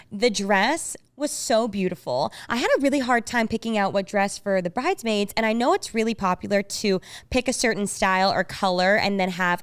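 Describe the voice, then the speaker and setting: A woman's voice: mid-range voice, clear, resonant tone. A young woman co-hosting a podcast, talking in an earnest, chatty way in casual conversation. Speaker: podcast co-host. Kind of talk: casual chat.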